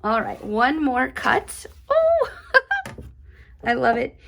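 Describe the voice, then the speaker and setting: A woman's voice: on the high side, unhurried, gravelly, very noisy. A woman hosting a chatty step-by-step embroidery tutorial, cheerful and gushing, laughing often.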